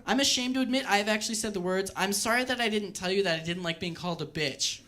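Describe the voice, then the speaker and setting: Young male stand-up, bright tense voice, lively storyteller on a club mic. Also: sits high, fast. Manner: animated storytelling, mimics quoted voices. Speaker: stand-up comedian. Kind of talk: stand-up comedy set. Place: comedy club stage with live audience.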